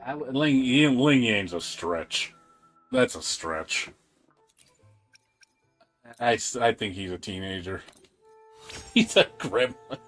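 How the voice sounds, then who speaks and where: A male game streamer chats casually at a middling pitch. He laughs often and rambles, repeating words as he goes. Faint music plays underneath. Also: lively intonation, takes it slowly, pauses often, a bit bright. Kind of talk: casual chat.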